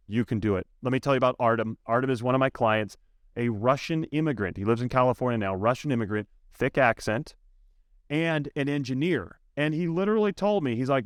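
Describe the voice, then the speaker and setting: A man who coaches software sales, speaking as a guest on a podcast interview with an emphatic, animated way of telling stories. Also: medium pitch, fairly quick, no echo, clean studio sound.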